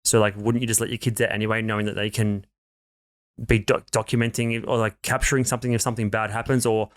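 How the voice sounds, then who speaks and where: A man's voice: lowish voice, little pitch movement, fast. Young guy on a podcast, kinda tired and musing, trails off. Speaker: podcast co-host. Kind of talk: casual chat.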